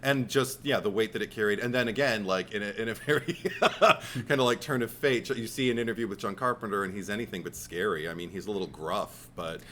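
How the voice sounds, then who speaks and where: A man hosting a podcast in casual chat, agreeable and quick with short affirmations. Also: fairly low pitch, pushed and bright, a little hiss or hum. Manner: agreeable, quick affirmations between longer stories. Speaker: podcast host.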